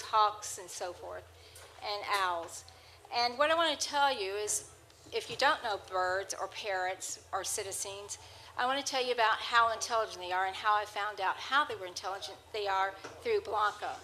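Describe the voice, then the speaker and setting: A woman's voice: fairly high pitch, pushed and bright, slight background noise, poor audio. A woman telling rambling anecdotes to a live audience, holding a microphone, with frequent restarts. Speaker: storyteller on stage. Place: presentation hall with an audience. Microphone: handheld microphone.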